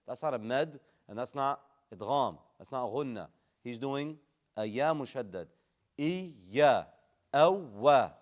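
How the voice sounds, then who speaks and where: A man's voice: mid-range voice, moderate pace. A man teaching a class how to recite the Quran, moving between chanted Arabic verses and casual, slangy English explanations. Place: classroom with students present.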